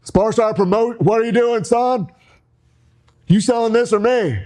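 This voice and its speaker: A brash, trash-talking wrestler, as a man puts him on, cuts a loud promo in a raised voice. He draws his words out slowly for effect. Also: extremely high pitch, fairly even intonation, voice pushed up. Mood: hyping.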